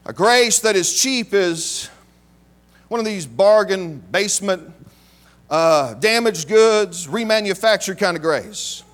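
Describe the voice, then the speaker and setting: A male preacher delivering a sermon in a strikingly high, bright voice. He speaks slowly and emphatically, and his pitch swings widely. He keeps repeating key phrases and calling out to the congregation. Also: expressive.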